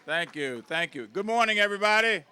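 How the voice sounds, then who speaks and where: A man's voice: high voice, lively intonation, brisk, pushed and bright, slight background noise. A man, a city mayor, giving upbeat remarks to a crowd at an outdoor street event. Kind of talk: public speech at a street event.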